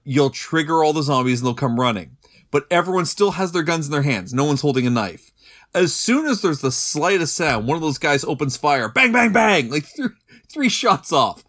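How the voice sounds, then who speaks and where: A man's voice: on the high side, very animated, moderate pace, a bit bright. Sarcastic man ranting about a movie. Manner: sarcastic, builds up rants with rhetorical questions. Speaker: podcast co-host. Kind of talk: casual movie review chat.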